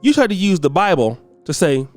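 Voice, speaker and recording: Guy ranting on celeb gossip, blunt and slangy, super animated, faint music behind. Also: sits high, fairly quick. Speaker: celebrity gossip show host. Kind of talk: ranting commentary.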